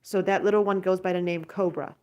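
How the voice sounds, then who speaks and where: A woman's voice: fairly low pitch, level tone, brisk, a little mellow. A woman in her thirties chatting casually while she puts her backyard birds to bed, rambling and stopping to coo at them. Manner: rambling, stops to coo bedtime words at the birds. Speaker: pet goose vlogger. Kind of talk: casual chat while doing evening chores. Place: outdoors by a backyard coop.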